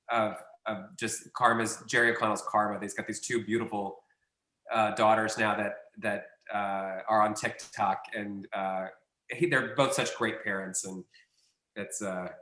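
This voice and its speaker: A man's voice: fairly low pitch, fairly even intonation, unhurried, sharp tone, reverberant. A man, a casting director guest, telling a long anecdote in a rambling, self-correcting way.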